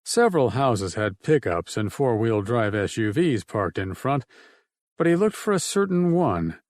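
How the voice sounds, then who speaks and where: A man reading an audiobook in a steady, measured narration. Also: medium pitch, no echo, studio quality. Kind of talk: scripted narration.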